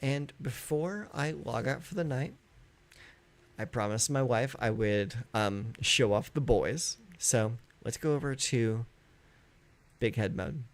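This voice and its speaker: A man chatting casually on a live stream from his home, rambling with lots of fillers. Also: slow. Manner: rambling, filler-heavy, easygoing; high baby-talk when calling his dogs. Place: home in California.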